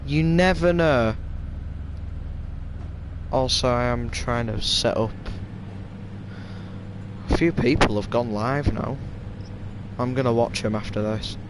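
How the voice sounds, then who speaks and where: A man with a Yorkshire accent talks through a live game stream at an unhurried pace. He tells stories in a stop-start way, full of restarts. A faint hum sits behind his mid-range voice. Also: medium pitch. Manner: rambling, stop-start storytelling. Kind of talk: casual live-stream chat.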